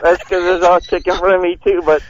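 A man calling in by phone while walking out of a concert, excitable and rambling, laughing often. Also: high voice, a little fast. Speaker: caller. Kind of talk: phone call from outside a concert. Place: outdoors leaving a concert. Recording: dull lo-fi phone line.

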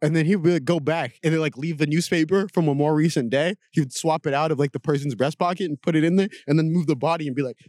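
A man in casual podcast chat, telling a story with animated energy, swearing freely and laughing often. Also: on the high side, fast, hardly any pauses, no room sound, clean studio sound.

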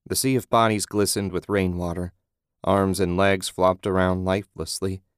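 A man reading a horror audiobook in a measured, grim, descriptive narration. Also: deep voice, little pitch movement, clear, resonant tone, no room sound, studio quality.

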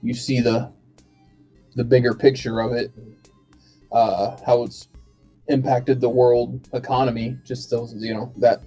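A man's voice: medium pitch, level tone, measured pace, pauses often, warm tone. A man hosting a casual podcast chat, rambling with many fillers and restarts. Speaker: podcast host. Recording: faint bed music behind.

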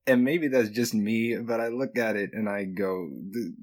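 A man in casual podcast chat, talking quickly and animatedly and laughing often. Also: lowish voice.

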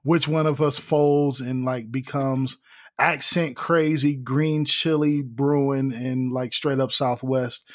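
A man's voice: mid-range voice, steady tone, slow pace, dry recording, studio quality. A man co-hosting a casual podcast chat, laid-back and slangy, laughing easily as he tells stories. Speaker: podcast co-host.

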